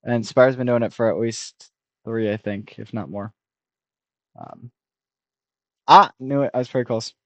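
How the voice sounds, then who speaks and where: A young man in his twenties rambles through a casual reaction stream, blunt and critical, often restarting sentences. His voice sits in a middle pitch. It is recorded dry and close, with no room sound. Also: measured pace, pauses often, no room sound, muffled recording. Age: 20s. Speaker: streamer reacting to a review video.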